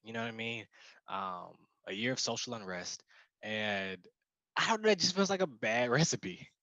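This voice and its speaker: Man, podcast co-host, casual chat, bright forceful tone, dry close sound. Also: medium pitch, moderate pace, no echo. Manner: animated storytelling, laughs often.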